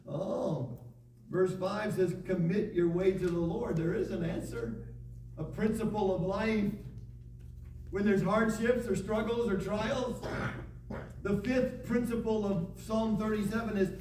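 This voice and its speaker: A man with a high, ringing voice preaches a sermon. He reads scripture and drives his points home with emphatic, repeated calls. He is heard from some distance in an echoey room. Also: measured pace, long pauses, mellow, slight background noise. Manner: preaching with rising emphatic repetition, reading scripture aloud. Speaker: pastor.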